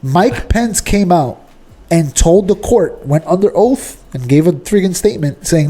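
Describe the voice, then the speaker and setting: A man with a New York accent, co-hosting a casual podcast debate, arguing his point, often clearing his throat and restarting sentences. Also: high voice, animated, normal speed, few pauses, mellow. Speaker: podcast co-host.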